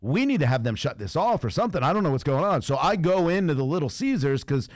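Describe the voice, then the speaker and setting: A man's voice: a little high, fast, no room sound, clean studio sound. A man hosting a radio show, telling a story in casual chat and acting out the people in it, often laughing. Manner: animated, acts out voices in his stories, laughs often.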